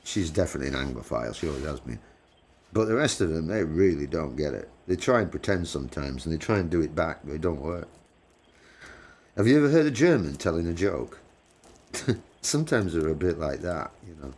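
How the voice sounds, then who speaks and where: Male livestream host, English accent, low voice, loose teasing chat with constant laughter. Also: big pitch swings, a little fast, a little mellow, a little hiss or hum. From England. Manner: laughs often, swears, chatty and teasing. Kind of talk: casual chat with live viewers. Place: living in the United States.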